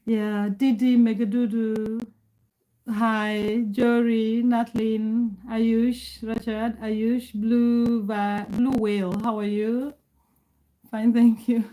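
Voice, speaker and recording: A woman's voice: a little high, low-quality recording. Woman in her forties from Kenya, livestreaming. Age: 40s. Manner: reads out viewer names and answers chat; calm, measured speech. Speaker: livestream host. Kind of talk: casual livestream chat.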